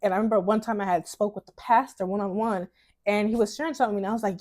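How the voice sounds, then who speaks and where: A young woman from New York giving casual advice in a vlog, chatty and expressive, often laughing. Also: mid-range voice, fast talker. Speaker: lifestyle vlogger.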